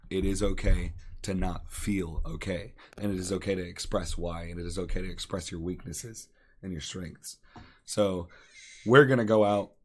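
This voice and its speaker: A young man with a very low, deep voice speaks earnestly on a podcast. He encourages his listeners and repeats phrases to drive his point home. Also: steady tone, moderate pace. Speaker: podcast co-host. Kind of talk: earnest casual talk.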